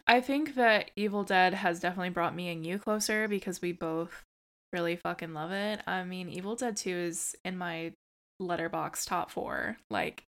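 A woman's voice: on the low side, normal speed. A woman co-hosting a horror podcast, chatting casually and enthusiastically, swearing now and then. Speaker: podcast co-host. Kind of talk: casual chat.

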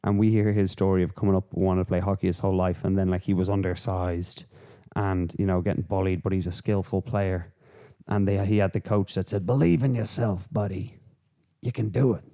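A man hosting a podcast, rambling through casual, sweary, animated rants. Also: low-pitched, brisk, hardly any pauses, clear, resonant tone. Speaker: podcast host. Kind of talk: casual chat.

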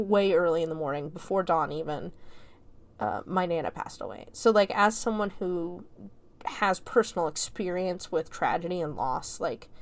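A woman reviewing a film in a casual spoken recap, chatty and rambling, with constant "like" fillers and frequent swearing. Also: fairly low pitch.

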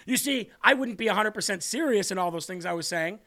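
A man hosts his own livestream, delivering fiery political commentary. His voice sits high and sounds bright and sharp. He leans into each point in a combative, ranting way. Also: lively intonation, fast. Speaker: livestream show host.

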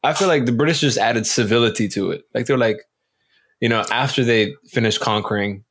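A man's voice: mid-range voice, fairly quick, fairly bright tone. A man co-hosting a podcast, chatting casually in slang and acting out little bits as he tells a story. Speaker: podcast co-host. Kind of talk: casual chat.

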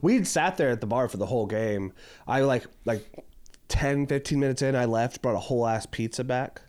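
A man co-hosting a podcast in casual chat, telling an animated story full of swearing and acted-out voices. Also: medium pitch, moderate pace. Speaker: podcast co-host.

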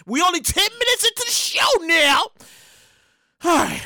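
A woman with a very high, sharp voice rants through a comic story as a show host. Her pitch leaps all over the place, and she swears freely, breaking into shouted outbursts. The sound is dry and close. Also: unhurried, dry recording. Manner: profane, animated, bursts into shouting. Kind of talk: comedic storytelling rant.

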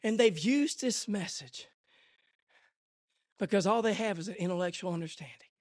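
A male preacher delivering a church sermon, swinging from hushed murmurs to shouted, rhythmic refrains. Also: high voice, moderate pace, no echo, clean studio sound. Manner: repeats refrains in a call-and-response cadence. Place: church service.

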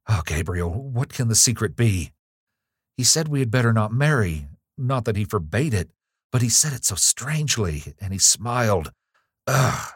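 A man reading the lines of a frightened young noblewoman, pitching up slightly into raised, urgent pleading. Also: sing-song, takes it slowly, husky, dry recording, studio quality, exaggerated voice.

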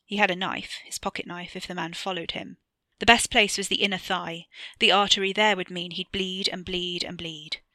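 A woman narrating her own short story aloud, measured and even. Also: fairly low pitch, dry recording. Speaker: author reading her story.

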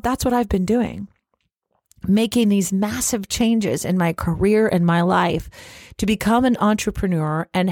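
A woman's voice: medium pitch, darkish tone, dry recording, studio quality. A middle-aged woman hosting a faith-based motivational podcast, speaking earnestly and encouragingly straight to the listener. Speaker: podcast host.

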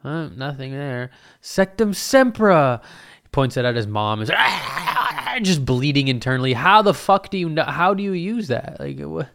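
A young man rambles through a solo podcast, swearing freely and joking as he goes. His voice has a gravelly fry at the edges yet stays smooth and resonant. The sound is dry and close, with no room around it. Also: medium pitch, a little fast, a bit bright, no room sound. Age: 20s. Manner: profane, rambling and jokey. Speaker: podcast host. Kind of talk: casual solo podcast rant.

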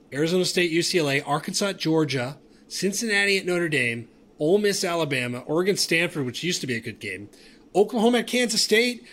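Bright-voiced excitable male podcast host. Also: fairly high pitch. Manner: excitable, stammering restarts, animated. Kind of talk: casual sports podcast chat.

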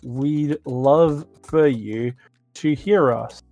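A man's voice: mid-range voice, drawn-out words, dark tone, faint music behind. A young man co-hosting a casual podcast, joking and laughing a lot as he chats. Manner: laughing, joking, puts on regional voices. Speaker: podcast co-host. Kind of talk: casual chat.

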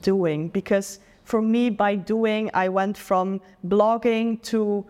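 A woman's voice: medium pitch, steady tone, slow, darkish tone, in a large hall. Dutch woman, earnest and reflective. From Netherlands. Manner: earnest, reflective, says "like" often. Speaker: guest. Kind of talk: casual interview chat.

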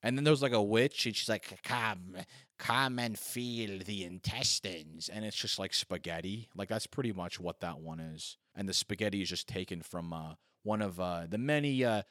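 A man in his thirties tells a loose, funny story, piling up "like" and poking fun at himself. His voice sits on the low side. The sound is dry and close, with almost no room echo. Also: animated, a little fast, hardly any pauses, fairly bright tone. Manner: rambling, heavy on filler "like", self-mocking. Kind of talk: casual comedic storytelling monologue.

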